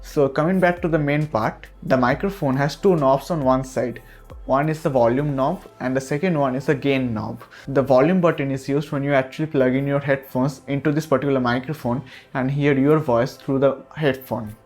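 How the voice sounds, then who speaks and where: A man's voice: mid-range voice, fairly even intonation, normal speed, a little mellow, faint music behind. Earnest man reviewing a microphone. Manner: earnest, repeats reassurances. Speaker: tech reviewer. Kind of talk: product review. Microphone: USB desk microphone.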